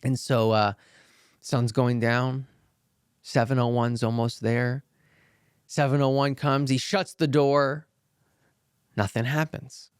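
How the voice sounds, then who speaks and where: Animated man telling a motivational story. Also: mid-range voice, takes it slowly, pauses often, smooth, no echo, studio quality. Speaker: podcast host and acting coach.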